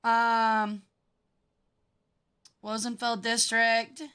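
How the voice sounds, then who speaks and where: A woman streaming a game with casual commentary. She sounds bratty, swears freely and reacts fast. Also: a little high, completely flat delivery, a bit bright, clean tone.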